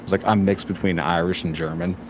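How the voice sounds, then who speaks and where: A man's voice: low voice, fairly even intonation, fairly quick, noisy background. A man chatting casually while gaming, telling a laid-back story.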